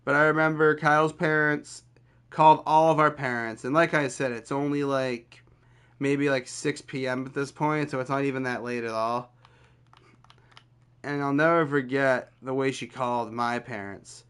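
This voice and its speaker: A man's voice: medium pitch, steady tone, moderate pace, a bit bright, clean tone. A young man telling a rambling story from his school days in a casual, chatty way, full of fillers and the odd swear. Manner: rambling, lots of "like" and "literally", occasional swearing.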